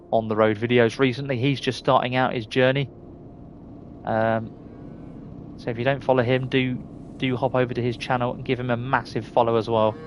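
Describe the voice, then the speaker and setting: A middle-aged man from England, speaking with a Surrey accent, laughs often as he reads out viewer names and chats casually during a live-streamed game. His voice is mid-range, and a slight hiss or hum is audible.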